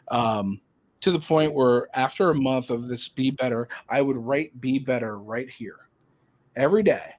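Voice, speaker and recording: A man hosting a casual podcast, telling a personal story in a rambling, animated way with many fillers and restarts. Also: mid-range voice, moderate pace, no echo. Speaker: podcast host.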